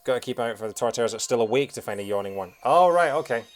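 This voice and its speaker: Excitable and talkative, this let's play host commentates casually on his gameplay, humming little tunes and slipping in jokes. He speaks fast at a medium pitch while soft music plays underneath.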